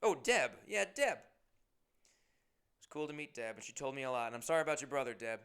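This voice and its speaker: Brief: comedian host with a gravelly, crisp voice, rambling and swearing through stories. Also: male voice, medium pitch, very animated, fairly quick, a bit bright. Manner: rambling, profane, self-deprecating. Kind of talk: casual storytelling monologue.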